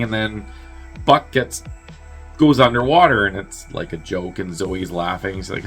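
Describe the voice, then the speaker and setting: A man hosting a movie review show, casually recapping a film's plot in a loose, sweary way, with quick asides where he acts out the characters' lines. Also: deep voice, steady tone, faint music behind. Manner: loose and chatty, full of "like" and swearing.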